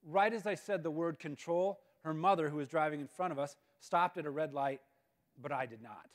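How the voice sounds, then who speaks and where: Guest speaker, male, higher voice; animated, self-deprecating storyteller. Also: moderate pace. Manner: animated, self-mocking, repeats words. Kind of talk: humorous storytelling talk. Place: school auditorium. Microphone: live-stream mic.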